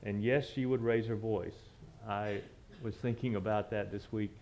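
A man's voice: lowish voice, fairly even intonation, moderate pace, darkish tone, a little hiss or hum. A man, telling a personal story from the pulpit in a conversational, reminiscing way with frequent restarts. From southern United States. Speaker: church speaker.

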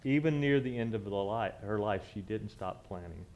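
A man's voice: lowish voice, normal speed, darkish tone, lo-fi sound. A man, telling a personal story from the pulpit in a conversational, reminiscing way with frequent restarts. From southern United States. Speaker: church speaker.

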